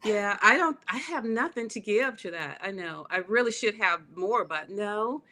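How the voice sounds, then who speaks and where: A woman's voice: mid-range voice, animated, normal speed, sharp tone. A woman in her sixties from Mississippi with a Southern accent, chatting as a guest in a drawling, laughing way. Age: 60s. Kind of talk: casual chat.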